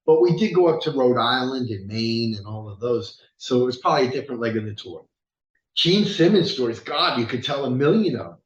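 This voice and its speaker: A man, a rock singer and guest, telling stories in a casual, animated way, swearing freely and laughing often. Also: mid-range voice, a little fast, lo-fi sound. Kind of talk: casual storytelling interview. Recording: roomy echo.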